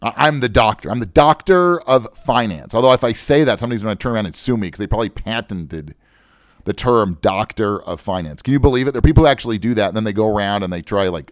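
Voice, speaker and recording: A middle-aged man hosts a radio talk show into a studio microphone, wound up and digressive, cracking jokes at himself. His pitch leaps and swoops, and the sound is dry and close with no room around it. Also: quick pace, no room sound. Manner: animated, digressive, joking, self-described wound up. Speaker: radio show host, financial adviser. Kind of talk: casual solo radio talk.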